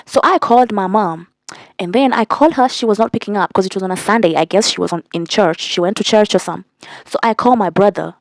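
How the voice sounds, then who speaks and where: A young woman telling a storytime vlog in a casual, animated way, cursing and repeating lines for emphasis. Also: mid-range voice, fast, no room sound. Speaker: vlogger.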